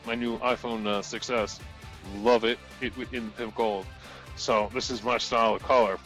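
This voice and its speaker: A man's voice: medium pitch, fairly even intonation, moderate pace, a bit bright, faint music behind. A man co-hosting a casual live stream, joking loosely and laughing often as he presents product deals.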